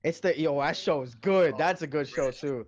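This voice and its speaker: A man's voice: a little high, normal speed, dull audio. A man co-hosting a gaming podcast, chatting casually in a rambling, slangy way. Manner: rambling, slangy, many "like"s and restarts. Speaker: podcast co-host. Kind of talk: casual chat.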